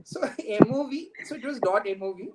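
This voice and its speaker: A film director in his thirties with an Indian English accent chats as a guest, very talkative and laughing often while telling stories casually. His voice sits high at a normal speed, and the recording is noisy with clicks.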